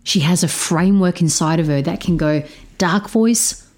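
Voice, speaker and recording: A woman telling a story about parenting her stepdaughter, speaking in a slow, measured, reflective way. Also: on the low side, darkish tone. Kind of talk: storytelling talk.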